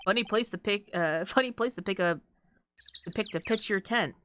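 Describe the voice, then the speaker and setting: A woman's voice: mid-range voice, moderate pace, noisy background. A woman streamer giving playful, giggly commentary while playing a game.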